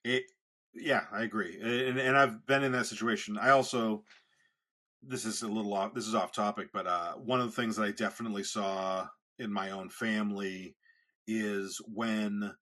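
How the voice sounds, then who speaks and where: Male co-host, low-pitched, crisp bright timbre, loose rambling delivery. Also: steady tone, moderate pace. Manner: rambling, restarts his sentences often. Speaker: podcast co-host. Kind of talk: casual chat.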